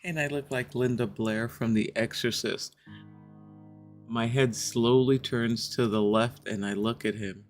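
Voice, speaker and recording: A woman's voice: a bass voice, steady tone, measured pace, a little mellow, faint music behind. A woman streaming a game, chatting casually with her viewers, laughing often and telling stories from home.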